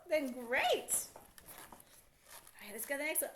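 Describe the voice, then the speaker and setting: Lively bright-voiced woman teaching phonics. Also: high voice, slight background noise. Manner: encouraging, questioning, sounds words out slowly. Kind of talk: children's phonics lesson.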